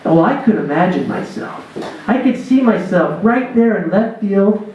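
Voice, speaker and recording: A man who teaches spirituality, telling a lively personal story to a church dinner gathering. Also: high voice, moderate pace, lo-fi sound, slight background noise. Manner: animated storyteller, acts out his own voice in quotes. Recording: echoey hall recorded from far off.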